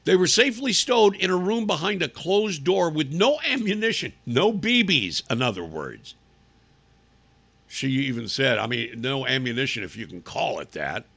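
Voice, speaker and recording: A man's voice: fairly high pitch, sing-song, moderate pace, vocal fry, fairly bright tone, slightly rough. A male radio talk show host giving sarcastic, indignant commentary with emphatic delivery.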